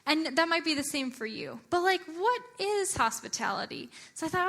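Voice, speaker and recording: A young adult woman giving a chatty, animated church talk, often using filler words. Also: extremely high pitch, normal speed, hardly any pauses. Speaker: church speaker.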